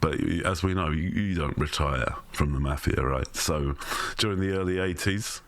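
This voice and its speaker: A man's voice: a bass voice, moderate pace, no echo. A man co-hosting a comedy podcast, chatting casually with lots of ums, restarts and chuckles. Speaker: podcast co-host.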